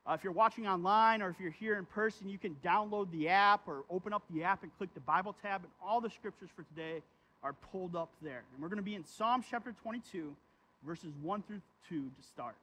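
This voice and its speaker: A man with a notably high speaking voice delivers a sermon. His tone is conversational, he keeps checking in with "right?", and he reads the verses with real feeling. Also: a little fast, sharp tone, slight background noise. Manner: reads scripture aloud with feeling. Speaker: pastor.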